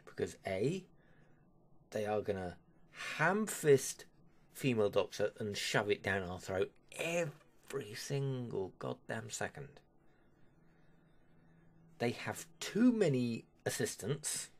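A man talks straight to his audience in a casual opinion vlog, grumbling and dismissive. He speaks slowly, his pitch swinging widely, and keeps trailing off with a sigh. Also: very animated, slight background noise. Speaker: vlogger.

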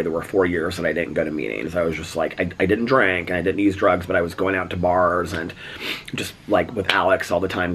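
A middle-aged man from the United States vlogging about personal loss, speaking haltingly with many fillers and close to tears. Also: low-pitched, a bit bright, slight background noise. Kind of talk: emotional personal vlog talk.

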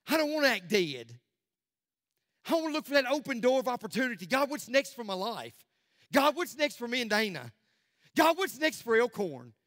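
Impassioned pastor, high voice. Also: male voice, sing-song, normal speed, dry recording, studio quality. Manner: impassioned preaching that swings from loud declarations to hushed near-whispers. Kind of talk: sermon. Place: church sanctuary.

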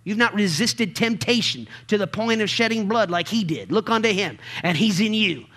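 A man preaching a sermon as pastor, calling out to the congregation and building to emphatic shouts. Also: high voice, expressive, moderate pace. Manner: call-and-response preaching, swells to emphatic shouts.

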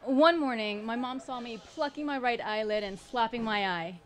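A woman's voice: fairly high pitch, moderate pace. Wry woman telling a story on stage. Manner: wry, humorous, dry asides. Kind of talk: live storytelling performance. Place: stage at a live storytelling showcase.

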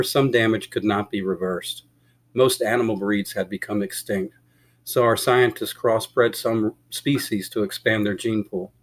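A man narrating a short love story as an audiobook, in a steady, plain reading voice. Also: lowish voice.

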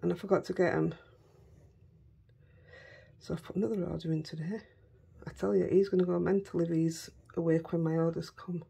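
A woman's voice: fairly low pitch, vocal fry, a little mellow, husky. A middle-aged woman with a Yorkshire accent chatting casually as she crafts, talking to herself and her dogs as she works. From Yorkshire, England. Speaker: craft vlogger.

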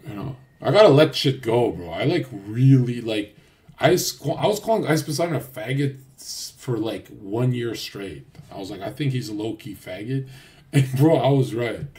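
A man's voice: medium pitch, expressive, normal speed, a little mellow. A man livestreaming a casual rant, crude and boastful, swearing often and rambling loosely with restarts. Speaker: streamer.

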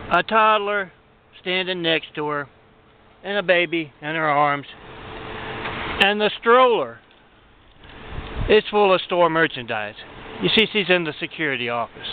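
Brief: high-pitched male joke teller, animated, tinny phone-line audio. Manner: animated, does voices. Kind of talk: comic storytelling. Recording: tinny phone-like sound, faint noise.

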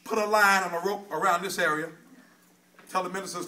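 A man preaching a sermon in a fiery call-and-response style, shouting at times and dropping low at others. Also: steady tone, quick pace.

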